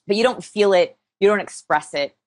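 A woman interviewed as an expert, explaining energetically with quick examples. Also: medium pitch, no room sound. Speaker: interview guest, body language expert. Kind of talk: podcast interview.

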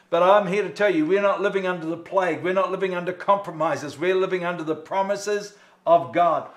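Man preaching, emphatic, rhetorical questions, high voice, echoey church. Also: fairly bright tone. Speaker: pastor. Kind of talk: sermon. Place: church sanctuary.

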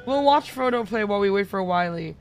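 A woman's voice: medium pitch, lively intonation, brisk, soft background music. A woman streaming a co-op game, chatting casually and teasing her teammates with lots of giggles. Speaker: VTuber streamer. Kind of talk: casual gaming stream chat.

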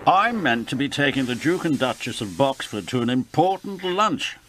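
A man's voice: mid-range voice, big pitch swings, normal speed, a bit bright. A man voicing a cross, haughty male express engine who talks in a huffy, snooty way.

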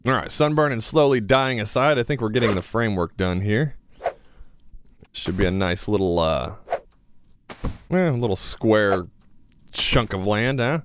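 A man's voice: lowish voice, lively intonation, measured pace, pauses often, clean tone. Chatty young man narrating his gameplay. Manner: chatty, self-talking, mildly sarcastic. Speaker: gaming YouTuber. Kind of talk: casual gameplay commentary.

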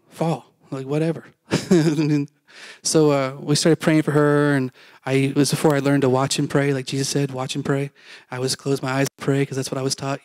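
A man's voice: mid-range voice, darkish tone, dry recording. A middle-aged male pastor telling a personal story in a casual sermon, self-deprecating and acting out the dialogue.

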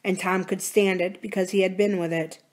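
Library lady reading a novel out loud, measured and expressive, mid pitch. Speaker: library reader.

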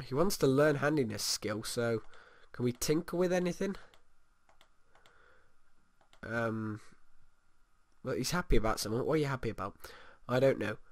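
A man's voice: mid-range voice, no room sound. Rambling man narrating a game. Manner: rambling, hums to himself. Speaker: gamer. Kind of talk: let's play commentary.

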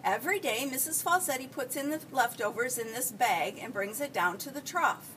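A woman playing a kindly, good-humored old farmer from a children's storybook, talking in a folksy, patient way that drops a little lower than her usual voice. The sound comes from a mic set a good way off, with a faint hiss behind. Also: lively intonation, normal speed, a bit bright, distant mic, rough recording. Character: friendly older male farmer, good-humored.

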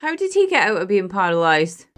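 A woman's voice: medium pitch, very animated, a little fast, a bit bright. Emotional woman reacting to a film. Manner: emotional, exclaiming, talks back to the screen. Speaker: movie reaction host. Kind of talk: casual movie reaction. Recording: film soundtrack playing behind her.

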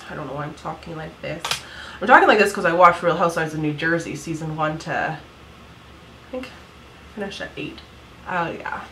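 A woman's voice: low-pitched, moderate pace, long pauses, sharp tone, a little hiss or hum, rough recording. A woman in her thirties chatting through a makeup tutorial at home, giggly and full of "like" fillers. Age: 30s. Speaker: beauty vlogger. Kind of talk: casual makeup tutorial chat.

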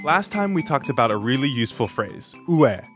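A man hosting a scripted language lesson, modeling phrases slowly and clearly with encouraging feedback. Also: medium pitch, sing-song, over loud music. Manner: slow, clear, encouraging pronunciation drills.

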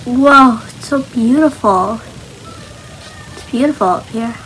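Slow, nervous young woman gaming. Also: a little high, a bit bright, soft background music, poor audio. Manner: nervous, chatty self-talk. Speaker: gaming channel host. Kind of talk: casual Minecraft gameplay commentary.

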